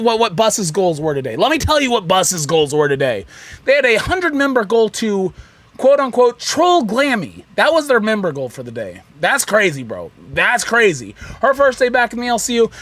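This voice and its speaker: A drunk man co-hosting a livestream, ranting loudly and swearing. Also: high voice, no room sound. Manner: loud, profane ranting. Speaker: co-host of a livestream show. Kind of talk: casual livestream chat.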